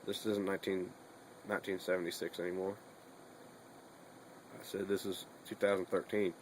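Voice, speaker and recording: A man's voice: sits low, flat delivery, normal speed, slight background noise, rough recording. A young man chatting casually in a bedroom vlog, rambling and swearing a lot between fillers. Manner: rambling and profane, with many fillers.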